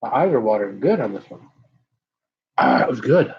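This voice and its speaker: Blowing out breaths and sighing as hot peppers burn his mouth, a middle-aged man from the United States chats with viewers on a casual live stream. He speaks at normal speed in a medium voice with big pitch swings. The recording is muffled with slight background noise.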